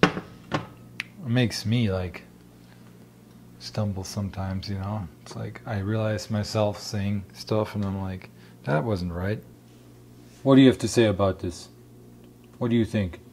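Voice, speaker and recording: A man's voice: on the low side, steady tone, measured pace, pauses often, darkish tone, slight background noise. A man with a German accent, chatting casually while tasting and cooking wild plants in his home kitchen. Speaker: homestead vlogger.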